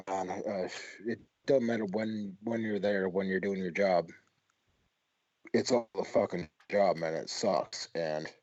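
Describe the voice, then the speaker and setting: A podcast host talks bluntly in casual chat, swearing plenty and wandering into rambling asides. His voice sits low and is a little mellow, with no room sound, though the audio is dull and lo-fi.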